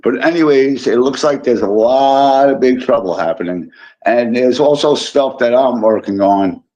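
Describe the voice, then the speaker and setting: A man's voice: medium pitch, normal speed, mellow. A man from Illinois hosting a casual live stream, chatting with viewers and greeting them by name in a teasing way. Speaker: livestream host. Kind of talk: casual live chat reading comments. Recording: dull lo-fi sound.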